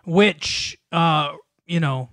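A man's voice: fairly high pitch, extremely slow, bright, forceful tone, no room sound, clean studio sound. A man co-hosting a podcast, telling stories in casual chat, laughing often and using many fillers. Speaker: podcast co-host.

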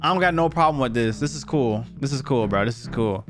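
A man's voice: mid-range voice, animated, brisk, soft background music. A young man giving blunt, profane, slang-heavy reactions as he reviews viewer submissions in a casual video.

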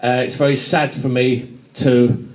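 A man's voice: medium pitch, level tone, a little slow, a little mellow. A man giving a hesitant, wry speech with many fillers in a theatre foyer. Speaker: guest speaker at a memorial. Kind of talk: live speech to a crowd.

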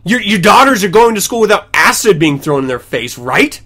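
A man's voice: high-pitched, sing-song, a little fast, sharp tone. A man hosting a podcast at home, reading news stories aloud and breaking off into sarcastic, ranting asides. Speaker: podcast host.

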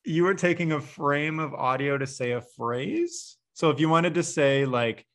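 A man's voice: fairly high pitch, animated, measured pace, fairly bright tone. Eager male podcast host. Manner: eager, exclaims often. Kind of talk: casual interview chat.

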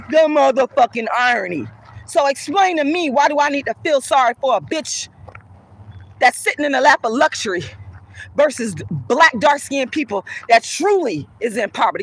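A woman's voice: high-pitched, animated, normal speed, a bit bright. A woman activist ranting to camera outdoors, heated, cursing and scornful. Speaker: colorism activist. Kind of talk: angry profane rant to camera.

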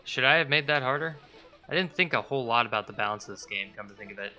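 A man's voice: medium pitch, animated, fast, pushed and bright, highs cut off. A man voicing an anxious, needy male AI companion in a video game, speaking earnestly and fretfully. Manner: earnest, fretful, reading in character.

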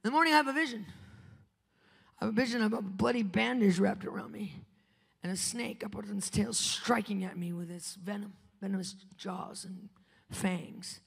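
A woman preaching a live conference sermon, telling a testimony with dramatic swings between loud and hushed delivery. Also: medium pitch, normal speed, gravelly, husky. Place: conference venue. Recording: preaching in a large reverberant hall.

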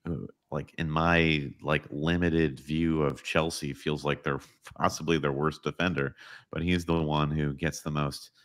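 A man's voice: rumbling low, fairly even intonation, measured pace, a bit bright. A man co-hosting a casual podcast chat in a laid-back way, giving short agreeing replies. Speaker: podcast co-host.

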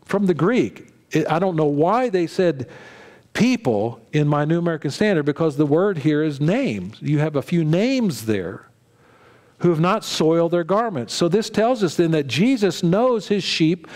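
A male pastor giving a sermon in a conversational style, with frequent fillers, restarts and quick asides to the congregation. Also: fairly high pitch, big pitch swings, darkish tone.

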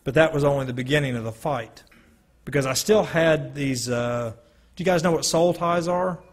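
A man with a slightly high, husky voice tells his testimony to a gathered audience. He speaks slowly and earnestly, pausing to let each moment sink in. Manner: slow, earnest storytelling with dramatic pauses. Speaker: speaker giving a personal testimony. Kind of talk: spoken testimony to a live audience.

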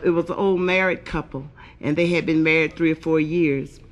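A woman's voice: low voice, fairly even intonation, moderate pace, very noisy. A woman doing raunchy stand-up comedy, telling profane jokes in a brash, punchy way and acting out the voices. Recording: live comedy album with audience laughter.

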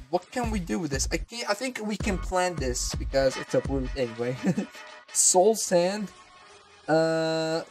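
A gamer giving gameplay commentary, excitable, swearing often and repeating words in panicked bursts. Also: medium pitch. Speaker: gamer hosting a let's-play channel.

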